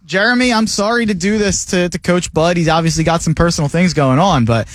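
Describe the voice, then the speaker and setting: A man's voice: high-pitched, brisk, no echo. A man hosting a casual sports talk radio show from a studio, rambling and repeating himself as he makes his points.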